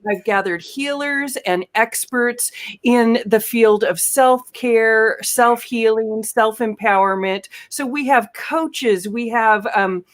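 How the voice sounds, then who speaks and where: A woman hosting an online talk show, introducing guests in a chatty, enthusiastic way with frequent pauses to search for words. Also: a little high. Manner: chatty, enthusiastic, many um fillers. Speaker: host.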